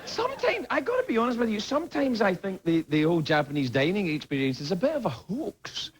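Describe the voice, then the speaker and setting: This Scottish man, a late-night talk show host, speaks fast in a high voice whose pitch swoops wildly. He delivers a rambling comedy monologue full of stammering restarts in a TV studio, with a faint crowd and loud background noise on the recording.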